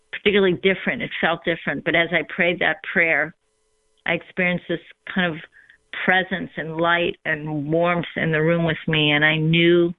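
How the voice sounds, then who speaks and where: Woman with gravelly fry on a phone line. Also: sits low, no room sound. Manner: reflective, unhurried, with frequent ums. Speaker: guest sharing her faith story. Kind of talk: personal testimony in conversation.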